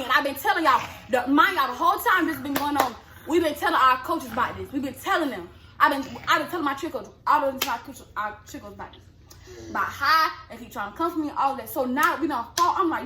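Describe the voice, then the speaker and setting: A young woman telling a story in casual chat, animated, acting out quotes in a high yelling voice. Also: fast. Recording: echoey room with clear background noise.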